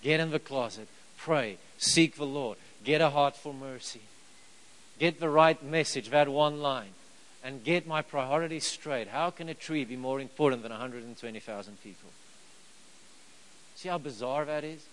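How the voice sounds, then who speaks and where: A man's voice: medium pitch, moderate pace, a bit bright, low-quality recording. Conversational male preacher with rhetorical questions. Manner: chuckles while telling the story. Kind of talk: sermon.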